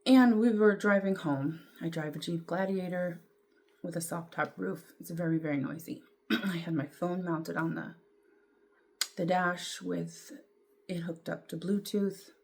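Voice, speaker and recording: A middle-aged woman, telling a personal story to camera in a candid, rambling way, with fillers and throat clearing. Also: on the low side, measured pace, a little mellow. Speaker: vlogger.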